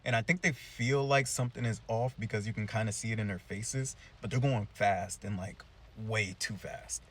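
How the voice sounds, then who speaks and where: A young man casually recapping a cartoon episode in a chatty, slangy, animated way. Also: on the low side, normal speed. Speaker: cartoon reviewer.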